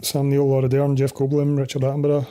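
A Scottish man in his forties, hosting a casual film podcast in a relaxed, chatty way with plenty of fillers. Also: medium pitch, fast talker. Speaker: podcast host. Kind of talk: casual film commentary chat.

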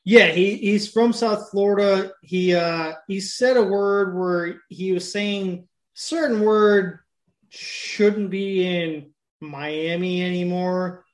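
A man's voice: sits high, steady tone, slow pace. A man with a speech impediment co-hosting a casual chat, blunt and swearing freely. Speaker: podcast co-host.

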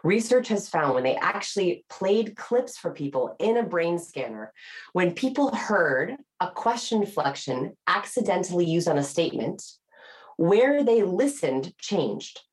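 Low-voiced woman explaining with animated emphasis. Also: a little slow. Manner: animated explainer, acts out quoted voices with rising inflection. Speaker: author and body language researcher. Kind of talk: podcast interview.

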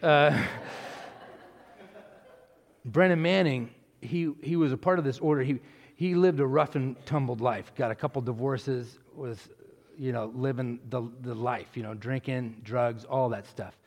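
A middle-aged man, a pastor, telling his story in a rambling way with many restarts and swelling into loud preaching. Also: mid-range voice, measured pace. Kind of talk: testimony answering a question, church talk. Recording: long hall reverb.

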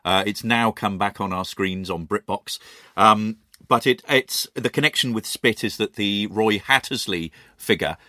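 A man's voice: fairly low pitch, measured pace, pushed and bright, dry recording, studio quality. A British man co-hosting a casual chat, telling stories with many ums and restarts. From Britain. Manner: hesitant, lots of ums and restarts. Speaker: podcast co-host.

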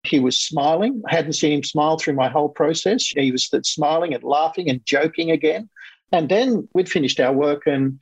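A man coaching guest telling a client's success story in a lively, conversational way, acting out other people's lines as he goes. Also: a little high, moderate pace, husky, no echo, dull audio. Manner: animated, quotes others in lively voices.

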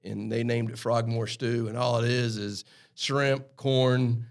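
A man with a South Carolina Lowcountry Southern accent, a guest chatting casually about flying and cooking, easygoing and agreeable. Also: level tone, slow pace. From South Carolina, USA. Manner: easygoing, agreeable, keeps saying "that's right". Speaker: guest, airline pilot. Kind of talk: casual podcast conversation.

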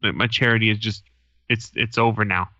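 A man with a fairly low but bright, forceful voice tells profane stories as a podcast co-host. He acts out the people he quotes in a casual, chatty way. The sound is dry and a little dull. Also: steady tone, brisk, no room sound. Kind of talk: casual chat.

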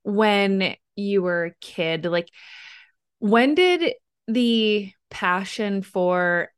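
A woman hosting a casual interview, relaxed and encouraging, with many fillers. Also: mid-range voice, extremely slow, clean tone. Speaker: host.

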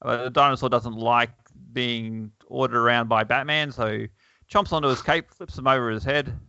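Podcast chat from a man with a gravelly edge and a bright, forceful tone, who talks wryly and chuckles as he reads a comic aloud. The sound is dull and lo-fi. The room is dry. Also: medium pitch, fairly even intonation, normal speed, no echo. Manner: wry, chuckling, lots of fillers. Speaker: podcast host.

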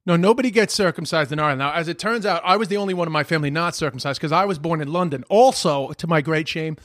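A man in his forties from New York, a comedian, trading quick jokes in a casual podcast chat. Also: on the high side, fairly bright tone, no echo, studio quality. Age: 40s. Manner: quick, joking banter.

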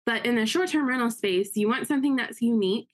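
A woman guest in an interview, telling her story in a quick, upbeat way and acting out quotes. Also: a little high. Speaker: interview guest, realtor and investor. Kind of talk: casual interview talk.

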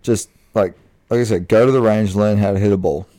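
A man's voice: lowish voice, a little fast, mellow. A young man with an Australian accent co-hosting a casual podcast, blunt and laid-back, swearing freely. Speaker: podcast co-host. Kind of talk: casual chat.

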